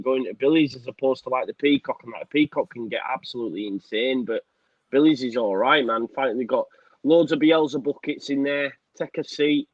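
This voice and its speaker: A relaxed young man chatting like he's among mates, quick to laugh and easy in his delivery. His voice comes through dry and a little muffled, as if over a modest mic with the top end dulled. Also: mid-range voice, no echo. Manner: laid-back and matey, laughs often. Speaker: co-host of a football fan channel. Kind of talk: casual chat.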